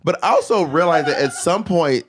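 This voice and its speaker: A man's voice: fairly high pitch, expressive, normal speed. A man in casual podcast chat, telling stories and agreeing along. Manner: chatty, storytelling, agreeable. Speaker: podcast co-host or guest.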